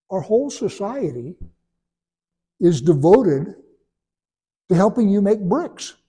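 A man giving a sermon in a relaxed, conversational way, telling stories and breaking into animated voiced asides. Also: on the high side, husky. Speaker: preacher.

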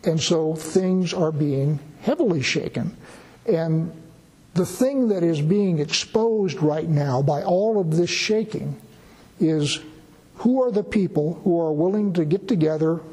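Husky-voiced pastor preaching in a reverberant hall. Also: male voice, a little high, animated, unhurried, darkish tone. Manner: folksy, conversational preaching with asides. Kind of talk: sermon. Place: church gathering in a borrowed building.

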